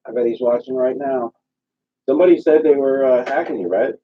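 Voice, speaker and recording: Guy chilling on a call, a bit husky, tinny sound. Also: mid-range voice, fairly quick. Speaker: call participant. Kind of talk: casual chat.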